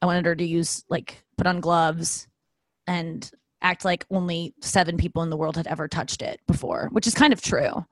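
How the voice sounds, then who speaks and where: A young woman who vlogs rambles candidly at home, making self-deprecating jokes along the way. She has a fairly low, steady voice at normal speed, with no room sound.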